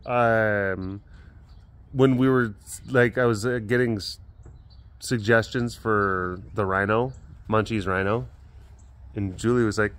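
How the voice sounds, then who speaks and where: A man hosting a casual walkaround vlog at a big cat rescue, chatting, laughing often and cooing softly to the cats. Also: on the low side, a little slow, clear, resonant tone. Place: outdoors at an animal compound.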